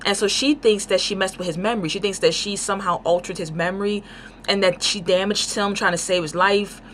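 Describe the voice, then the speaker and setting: A woman giving a casual book review, talking in an excited, rambling way with lots of fillers. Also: medium pitch, a little fast, a little hiss or hum.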